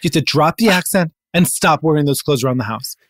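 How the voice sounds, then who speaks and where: A woman's voice: low-pitched, expressive, quick pace, no echo, studio quality. A woman in an improv comedy sketch, scolding her partner in an exasperated way.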